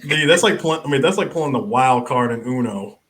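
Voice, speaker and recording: A man co-hosting a movie podcast, jumping in with quick, laughing questions. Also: mid-range voice, expressive, a crowd in the background. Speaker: podcast co-host. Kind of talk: casual movie review chat.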